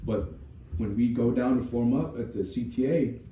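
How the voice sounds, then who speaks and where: A man's voice: mid-range voice, normal speed, dark tone. A man co-hosting a podcast, telling a rambling, profane story with many "you know" asides. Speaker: podcast co-host. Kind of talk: casual podcast chat, storytelling. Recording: roomy room, distant mic, faint hum.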